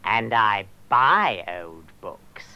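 An actor playing a secretive male bookseller who speaks in veiled hints and quiet threats. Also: on the low side, very animated, extremely slow, gravelly, clean tone, full character voice. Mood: veiled, insistent. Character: secretive pushy middle-aged male bookseller. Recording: dull lo-fi old tape.

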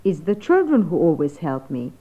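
A woman's voice: low voice, very animated, moderate pace, warm tone, breathy edge. Polite woman student on tinny tape. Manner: polite, inquisitive. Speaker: student in a lesson. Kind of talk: scripted language lesson. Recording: tinny phone-like old recording.

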